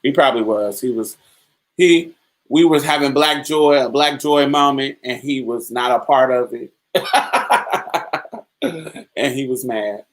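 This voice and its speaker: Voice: medium pitch, takes it slowly, pauses often, rough recording. A podcast host talking in a candid, colloquial storytelling manner in a casual monologue, responding to chat comments.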